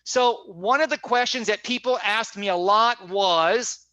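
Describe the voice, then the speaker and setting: A man's voice: high-pitched, measured pace, bright, forceful tone, dry recording. A man giving an online teaching workshop over a video call, talking conversationally, repeating his points and often checking in with "right?". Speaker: teacher trainer.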